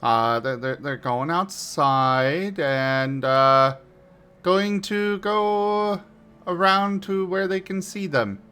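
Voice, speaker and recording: A man playing a tabletop game, describing his moves in a brisk, matter-of-fact way. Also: a little high, bright, forceful tone, smooth. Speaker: player. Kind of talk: casual tabletop game chat.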